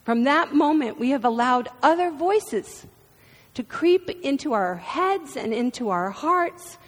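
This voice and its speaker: A woman in her fifties preaching a sermon, expressive and storytelling. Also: high voice, slow. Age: 50s. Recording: reverberant hall.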